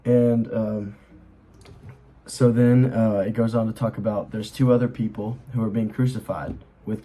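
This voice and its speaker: A young man with a lowish, mellow voice, heard on poor audio, hosts a Bible study. He explains a chapter casually and earnestly, reading and commenting as he rambles with lots of fillers.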